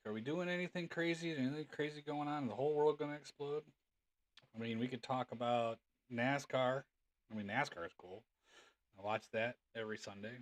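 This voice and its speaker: A man's voice: mid-range voice, brisk. A man hosting a livestream, rambling casually with lots of fillers and laughter as he tells stories. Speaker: livestream host.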